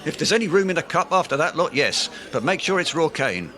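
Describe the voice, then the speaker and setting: Brief: man voicing pompous, blustering wannabe author, bright, swoopy comic delivery. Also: fairly high pitch, sing-song, brisk. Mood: grumbling. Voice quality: grandiloquent, blustering. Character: pompous self-deluded aspiring male writer. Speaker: comic lead. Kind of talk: comedy audio drama acting.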